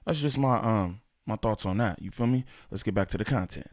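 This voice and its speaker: A man's voice: lowish voice, brisk, no echo, clean studio sound. A man hosting a reaction video, chatting casually and in slang, speaking straight to his viewers. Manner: animated, slangy, talks to viewers. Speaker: reaction channel host.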